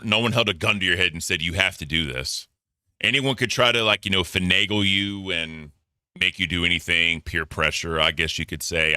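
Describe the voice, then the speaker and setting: A man hosting casual commentary, talking bluntly and profanely with animated bursts of ranting. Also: low voice, dry recording, clean studio sound. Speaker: commentary host.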